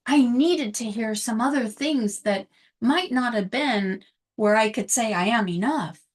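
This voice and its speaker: A middle-aged woman speaking in a fairly high voice. She talks earnestly and reflectively as a host, confiding in her listeners. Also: a little slow. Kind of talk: casual solo talk on books and self-worth.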